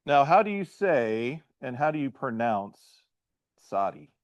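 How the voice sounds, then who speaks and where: A man's voice: medium pitch, expressive, moderate pace, no echo, lo-fi sound. A pastor teaching a beginners' language class, quizzing his students and checking in with "right?" and "okay?" as he goes. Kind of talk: classroom lesson.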